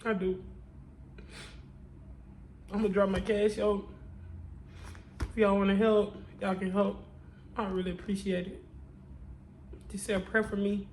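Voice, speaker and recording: A woman's voice: medium pitch, little pitch movement, measured pace, pauses often, a little mellow, a little hiss or hum, poor audio. A woman speaking straight to her viewers in an emotional confessional vlog. She sounds tearful and talks in a prayerful, testifying way, repeating her lines over and over. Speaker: vlogger.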